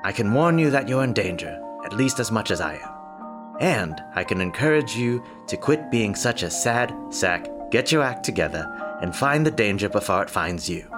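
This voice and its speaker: A courteous, mysterious stranger, played by a man, in a put-on English accent, his pitch rising and falling with genteel flourish. Music plays clearly behind him in this audio drama. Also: very animated, moderate pace. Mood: polite. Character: polite, mysterious male stranger.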